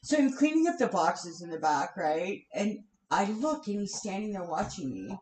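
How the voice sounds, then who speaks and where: A woman's voice: mid-range voice, sing-song, normal speed, darkish tone. Profane, fuming woman ranting in an echoey room. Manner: profane, heated and venting, with sighs. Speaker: vlogger. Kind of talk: angry live-stream rant. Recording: roomy echo.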